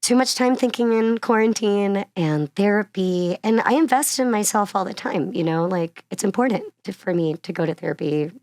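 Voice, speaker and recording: A woman from Miami talks through an interview with an animated, chatty storytelling manner, laughing often between phrases. Her voice sits at a middling pitch, and it is recorded close and dry, with almost no room sound. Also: moderate pace, few pauses, dry recording. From Miami, Florida. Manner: chatty, uses many fillers like "like" and "you know". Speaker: actress and singer-songwriter guest. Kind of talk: casual conversational interview.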